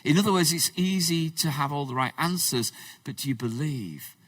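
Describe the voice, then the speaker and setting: A man preaching a conversational sermon, swinging between loud emphasis and hushed, low passages. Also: expressive, moderate pace, no room sound, distant mic. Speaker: pastor. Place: church.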